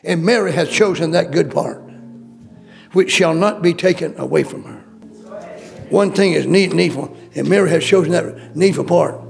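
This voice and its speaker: A man's voice: fairly high pitch, normal speed, creaky, faint music behind. A male preacher delivering a sermon, emphatic and repetitive, calling out questions to the congregation. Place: church.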